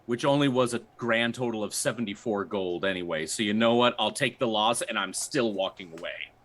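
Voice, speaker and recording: A man playing a character in a tabletop game, declaring his actions in a lively, casual way. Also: on the low side. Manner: lively, animated, quick declarations. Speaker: player.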